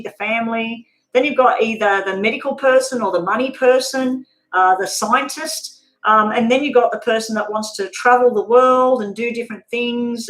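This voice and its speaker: Casual woman reading tarot live, fairly high voice, talks straight to viewers, swears now and then, roomy echo. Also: a bit bright. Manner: chatty, laughs often, talks straight to viewers. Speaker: tarot reader.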